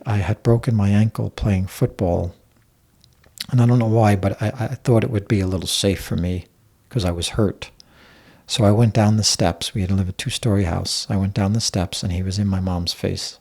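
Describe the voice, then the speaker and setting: A man's voice: fairly low pitch, mellow. A man as a guest, recounting a painful family memory in a blunt, raw way, swearing freely. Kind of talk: personal storytelling in conversation.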